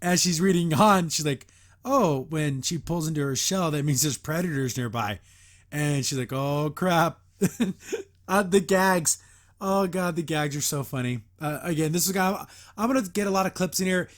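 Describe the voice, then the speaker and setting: Male host, somewhat high-pitched, rambling casual recap, filler-heavy, laughs often. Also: normal speed. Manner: chuckles often while recapping. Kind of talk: casual episode review.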